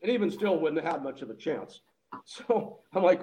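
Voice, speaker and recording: A man's voice: on the high side, normal speed, poor audio. A man telling a story in casual chat, laughing often and acting out the people he quotes. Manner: animated, laughs often, acts out quoted lines.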